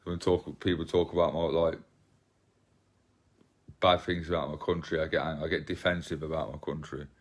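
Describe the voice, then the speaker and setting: A man's voice: very deep voice, level tone, moderate pace, pauses often. Rambling man on a livestream. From England. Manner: rambling, swearing, reads viewer comments aloud. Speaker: livestream host. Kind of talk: casual livestream chat.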